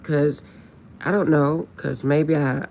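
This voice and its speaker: A woman's voice: low-pitched, fairly even intonation, takes it slowly, creaky, darkish tone. A woman chatting casually on a late-night live stream, laughing often and insisting she is serious.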